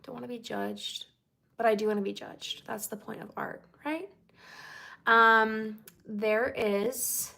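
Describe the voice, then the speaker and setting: A woman's voice: medium pitch, gravelly, bright, forceful tone. A woman singer-songwriter chatting casually with her fans on a livestream, bubbly and chatty, with lots of "like" and "okay?".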